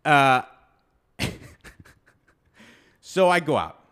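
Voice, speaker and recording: Animated man telling a story. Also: fairly high pitch, extremely slow, clear, resonant tone. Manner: animated, acts out quoted people, laughs often. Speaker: podcast co-host telling a story. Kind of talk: casual storytelling chat.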